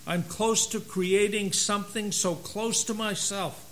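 A man voicing God as a busy, excited creator, talking in a raised, animated voice. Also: high-pitched, measured pace, slight background noise, pitched above the performer's own voice. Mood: eager.

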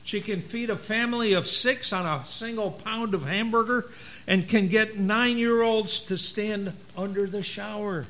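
A man voicing God as a busy, excited creator, talking in a raised, animated voice. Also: sits high, measured pace, pitched above the performer's own voice. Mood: eager.

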